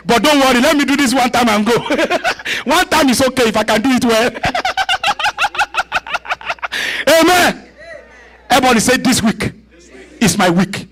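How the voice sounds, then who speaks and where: A man with a Nigerian accent, a guest pastor preaching a sermon in a church with laughter and shouted prayer. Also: very high-pitched, big pitch swings, unhurried, pauses often, a little hiss or hum.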